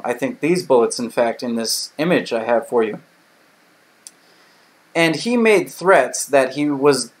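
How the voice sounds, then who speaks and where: An American man hosting a live stream, ranting bluntly and indignantly, swearing freely and repeating himself. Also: a little high. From United States. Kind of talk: casual live-stream rant. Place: home in Taiwan.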